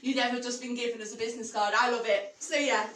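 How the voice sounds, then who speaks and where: A woman's voice: a little high, little pitch movement, fast. A woman co-hosting a casual live stream, enthusiastic and sweary, laughing often. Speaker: co-host. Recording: roomy, distant, slightly noisy stream.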